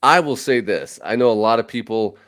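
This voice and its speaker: A man's voice: medium pitch, lively intonation, brisk, fairly bright tone. A man hosting a podcast, chatting casually and rambling with lots of fillers and restarts. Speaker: podcast host. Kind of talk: casual chat about movies.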